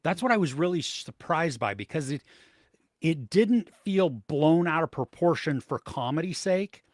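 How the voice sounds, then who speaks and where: A man's voice: fairly high pitch, animated, measured pace, dry recording, clean studio sound. Rambling man hosting a film podcast. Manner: rambling, many fillers and restarts. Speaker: podcast host. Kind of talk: casual chat about movies and shows.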